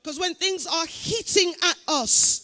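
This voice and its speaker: A woman's voice: very high voice, measured pace. Impassioned woman pastor praying in tongues. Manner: impassioned, sing-song cadence, shouted declarations. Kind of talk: fervent prayer and preaching with speaking in tongues. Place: church building.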